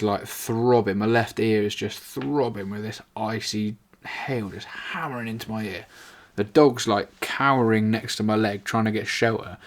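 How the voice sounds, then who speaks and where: Low-voiced sweary man. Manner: rambling, sweary, many "like" fillers. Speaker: storyteller. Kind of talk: casual anecdote.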